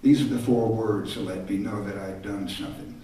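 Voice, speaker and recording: A man's voice: lowish voice, fairly even intonation, fairly quick, warm tone. An older man from Texas, a singer-songwriter, telling reflective, self-deprecating stories on stage between songs. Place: concert stage. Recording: echoey live hall from far off. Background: guitar music.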